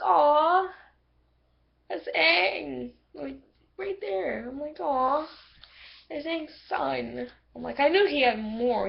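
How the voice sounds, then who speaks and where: A woman giving a casual, rambling episode review on a computer microphone, excitable and full of fillers. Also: sits high, vocal fry, lo-fi sound. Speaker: video reviewer.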